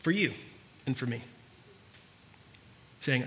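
A man preaching, telling a story in a conversational way that turns quiet and earnest. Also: on the high side, moderate pace. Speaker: pastor. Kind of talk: sermon.

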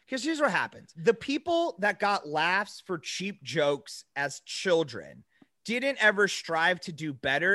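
A man's voice: high-pitched, no room sound, clean studio sound. A young man co-hosting a podcast, ranting casually with lots of profanity and laughter. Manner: profane, animated rants with frequent laughs. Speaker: podcast co-host. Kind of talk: casual chat.

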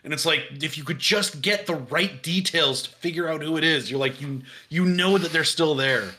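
A man in relaxed conversation with a fairly high, bright and forceful voice. He talks loosely and jokes often, breaking into laughter. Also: moderate pace. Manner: jokey, puts on gruff voices, laughs often. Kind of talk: casual chat.

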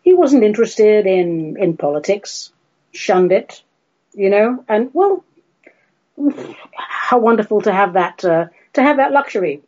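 A woman's voice: mid-range voice, animated, unhurried, darkish tone. A woman hosting a solo radio show, talking in a chatty way with dry, self-mocking asides. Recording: slightly dull lo-fi radio recording.

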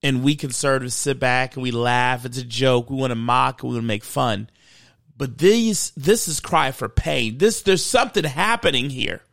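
A man's voice: medium pitch, animated, moderate pace, creaky, fairly bright tone, no room sound, clean studio sound. A man hosting a faith podcast, speaking earnestly and emotionally, choked up, building into a preachy delivery. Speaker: podcast host.

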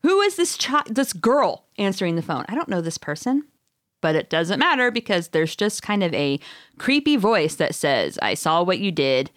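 A woman hosting a casual chat, recapping a story in an animated, giggly way. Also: on the low side, normal speed, dry recording, studio quality. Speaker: podcast host recapping a book.

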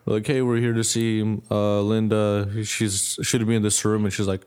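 A young man telling a story in casual chat, animated, acting out the people he quotes and laughing often. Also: fairly low pitch, normal speed, clear, resonant tone. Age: young adult. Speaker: podcast co-host.

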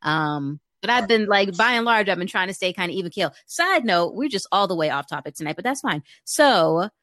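A woman's voice: medium pitch, lively intonation, a little fast, a bit bright, dry recording, clean studio sound. A young woman co-hosting a casual chat, peppy and bubbly, laughing often. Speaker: podcast co-host.

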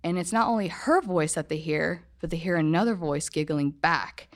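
Woman rambling thru a spooky story at a live show, kinda low voice, keeps correcting herself. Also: normal speed. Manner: meandering, self-correcting storytelling. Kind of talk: casual ghost story telling. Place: hotel event room, live show.

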